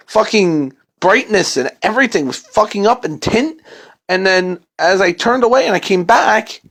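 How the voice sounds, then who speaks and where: A man's voice: high voice, expressive, moderate pace, fairly bright tone. A man telling a first-person creepypasta horror story in a casual, profane, dramatic way.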